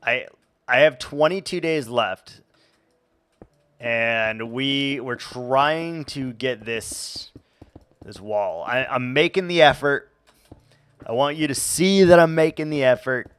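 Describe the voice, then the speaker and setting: A man's voice: mid-range voice, slow pace, a bit bright, smooth. A young man streaming a game, chatting casually and rambling with stumbles and restarts. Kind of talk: casual gameplay chat.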